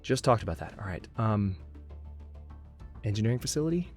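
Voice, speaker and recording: A man's voice: lowish voice, very animated, fairly quick, darkish tone, faint music behind. A man hosting a gameplay video, commenting as he plays and growing exasperated, talking to himself. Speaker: let's play host.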